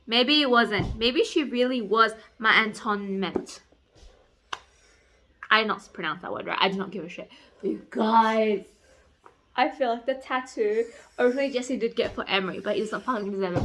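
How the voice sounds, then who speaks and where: A young woman talking about a book in a casual vlog. She is excitable, swears freely and says "like" a lot. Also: medium pitch, moderate pace. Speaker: book vlogger. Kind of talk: casual reading vlog chat.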